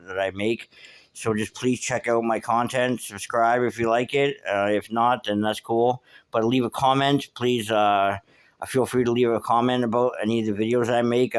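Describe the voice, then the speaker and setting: In a clear, resonant, medium-pitched voice, a man hosts a podcast and rambles through a street tale, heavy on curses and verbal fillers. It's a relaxed storytelling monologue.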